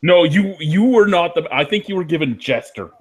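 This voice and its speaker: A man's voice: fairly high pitch, expressive, moderate pace, a crowd in the background. A man on a casual group video chat who keeps pressing the others with questions. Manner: questioning, persistent.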